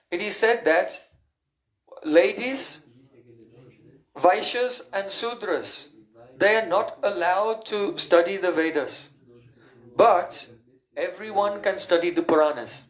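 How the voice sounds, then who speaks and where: A man's voice: high voice, animated, a little slow, long pauses, roomy sound, low-quality recording. A man giving a patient, explanatory spiritual lecture on scripture, sometimes stopping to recall a term.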